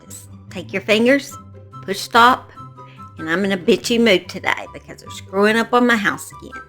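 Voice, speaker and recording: A woman's voice: mid-range voice, moderate pace, a bit bright, faint music behind. A woman with a Southern accent chatting to her viewers in a small shed, blunt and salty in how she talks. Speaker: true crime YouTuber. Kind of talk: casual chat to camera.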